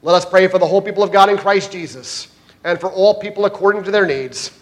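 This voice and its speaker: A man's voice: high voice, quick pace. A man preaching a sermon as pastor at a church service, addressing the congregation directly and earnestly.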